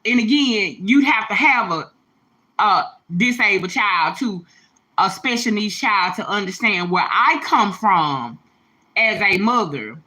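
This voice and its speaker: A woman hosting a casual livestream, talking straight to her viewers. Her bright, forceful voice is emphatic and slangy. She sounds a little teary as she speaks from the heart. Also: medium pitch, lively intonation, unhurried. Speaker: livestream host, mother.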